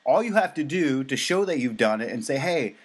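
With big pitch swings and a breathy edge, this brisk, mid-range male voice belongs to a US podcast co-host. His casual chat rambles, full of fillers and restarts.

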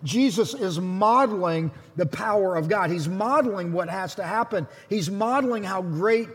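A man preaching a sermon as lead pastor, retelling the story with animated, acted-out voices. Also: high voice, normal speed, breathy edge, big-room sound.

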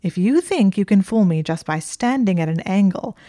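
A woman reading the part of an indignant, sharp-tongued young woman librarian, emphatic and exasperated. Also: lowish voice, lively intonation, brisk, no echo, clean studio sound. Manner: exasperated, emphatic, rising to near shouts.

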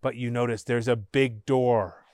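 A man hosting a podcast, narrating an interactive story in a measured way, with his voice dropping low for suspense. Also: steady tone, a little mellow, no echo, clean studio sound.

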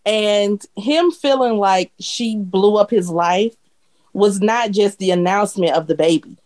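A woman in a casual TV recap chat who talks things through in a measured, explanatory way. She backs up her points with personal experience. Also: mid-range voice, darkish tone. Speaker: podcast co-host.

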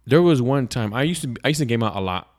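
A man's voice: medium pitch, expressive, quick pace, a little mellow. A man telling a personal story as a podcast guest, casual and profane, with lots of restarts. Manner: profane, rambling, with frequent restarts.

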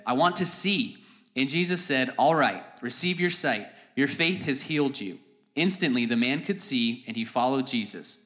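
A man reading a Bible passage aloud in a church service, steady and plain. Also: medium pitch. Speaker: scripture reader.

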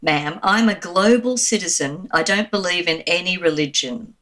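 A man's voice: sits high, moderate pace, pushed and bright. A woman quoting a courteous male station ticket seller who speaks formally and respectfully. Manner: formal, respectful, says ma'am.

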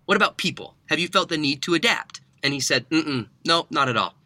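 Young man, very bright tone, dry close sound, animated storyteller. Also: on the high side, a little fast, dry recording. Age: young adult. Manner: animated, laughs often. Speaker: podcast guest. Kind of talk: storytelling in conversation.

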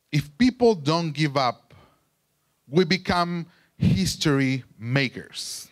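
Man, sermon, slow delivery, halting phrasing, searches for words. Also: fairly high pitch, a bit bright. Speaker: preacher.

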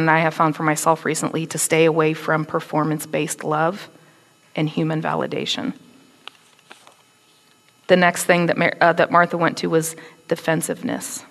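A woman giving a conversational, animated sermon, acting out quotes with attitude. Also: lowish voice, long reverb tail. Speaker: preacher.

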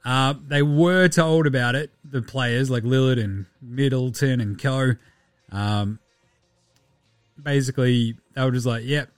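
A man with an Australian accent hosting a casual solo sports podcast, loose, sweary and quick to laugh. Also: mid-range voice, no room sound, soft background music. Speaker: podcast host.

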